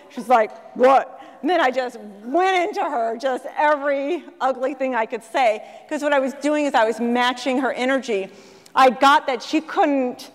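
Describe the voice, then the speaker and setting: A woman with a high voice tells a story from the stage of a large conference hall. She acts out the voices of the people she quotes, and the sound rings with a long hall reverb. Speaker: speaker at a conference. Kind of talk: storytelling talk to an audience.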